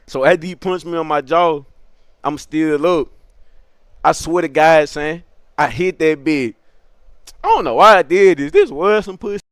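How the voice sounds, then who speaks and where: A young man telling a comic story from his youth, animated, laughing often, with crude slang. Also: fairly high pitch, normal speed, pauses often, clean tone, no echo, clean studio sound.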